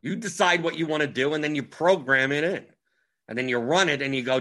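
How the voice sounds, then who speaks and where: A man's voice: a little high, quick pace, pushed and bright. A man hosting a fantasy sports strategy show, explaining in a rambling, casual way and often repeating his words. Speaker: fantasy sports analyst host.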